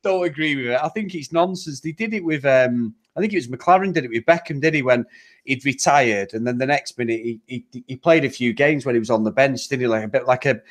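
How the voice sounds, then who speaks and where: A man's voice: mid-range voice, brisk. A man from Manchester with a Mancunian accent, co-hosting a football podcast in a chatty, casual way. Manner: chatty, laughs often, apologetic asides. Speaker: podcast co-host.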